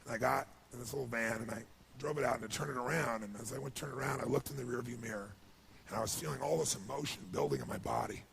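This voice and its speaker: A man giving a motivational speech, telling a personal story with rising emotion and gravelly tone. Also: quick pace. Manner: emotional storytelling, builds to excited highs. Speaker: motivational speaker. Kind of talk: speech to an audience.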